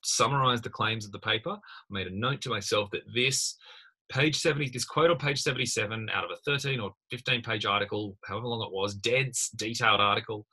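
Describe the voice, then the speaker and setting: A lower-pitched man with a bright, somewhat husky voice talks through a tutorial. He thinks aloud as he goes, with plenty of fillers and restarts. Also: a little fast. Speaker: university lecturer. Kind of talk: screen-recorded tutorial walkthrough.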